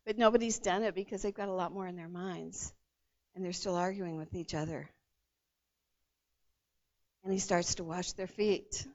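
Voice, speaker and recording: A woman's voice: on the low side, moderate pace, pauses often. Woman retelling a Bible story, lo-fi. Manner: animated retelling, acts out the disciples' voices. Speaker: Bible teacher. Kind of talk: conversational Bible teaching. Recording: dull lo-fi sound.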